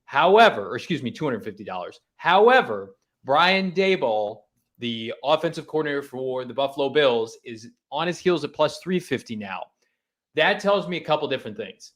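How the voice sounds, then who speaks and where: A man's voice: mid-range voice, big pitch swings, moderate pace, fairly bright tone. A man co-hosting a sports talk show, casually breaking down betting odds and coaching moves. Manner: analytical, talks through betting odds with restarts.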